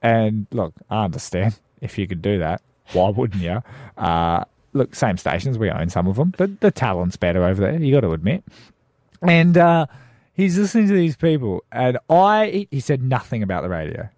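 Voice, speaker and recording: A man's voice: lowish voice, sing-song, normal speed, a little mellow, no room sound. A young Australian man co-hosting a breakfast radio show, telling a story with teasing humor and frequent laughs, on a studio mic. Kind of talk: casual on-air banter. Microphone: studio microphone.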